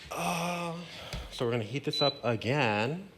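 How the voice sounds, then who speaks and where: A man's voice: mid-range voice, expressive, a little slow, background noise. A man hosting a cooking show in a kitchen, explaining a recipe step by step in a chatty, playful way and dropping in Spanish words. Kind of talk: casual cooking demonstration. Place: home kitchen.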